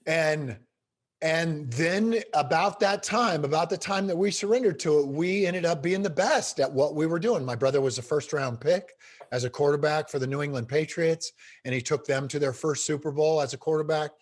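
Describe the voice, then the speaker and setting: A middle-aged man telling stories as an interview guest, animated and emphatic. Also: on the high side, normal speed. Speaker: guest speaker. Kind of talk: storytelling in a podcast interview.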